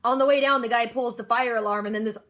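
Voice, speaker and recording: A woman recapping a TV episode in a rapid, chatty way, dropping sarcastic asides. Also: fairly high pitch, steady tone, a bit bright. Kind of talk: casual fast-paced episode recap.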